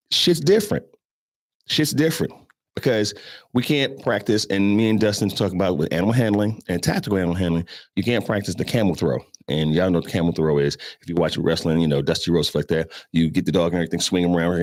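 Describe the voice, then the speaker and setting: A man's voice: deep voice, a little mellow, dry recording, studio quality. A man hosting a show, giving blunt, casual instruction on animal handling and firing off rhetorical questions.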